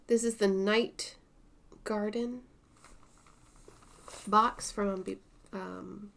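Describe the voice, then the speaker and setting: A woman vlogger in casual show-and-tell chat about her stitching projects, unhurried and chatty, with some soft asides. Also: mid-range voice, steady tone, gravelly.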